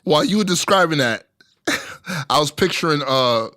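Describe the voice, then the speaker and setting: A man chiming in on a casual podcast, relaxed and amused. His voice sits a little high and sounds close and dry, with no room around it. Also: moderate pace, no echo. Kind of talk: casual chat.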